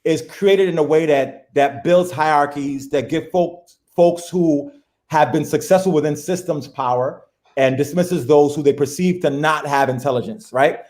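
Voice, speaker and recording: A man, a professor talking as a guest in a casual, animated, slangy way, laughing as he goes. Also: a little high, moderate pace. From the Bronx, New York. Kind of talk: casual conversation.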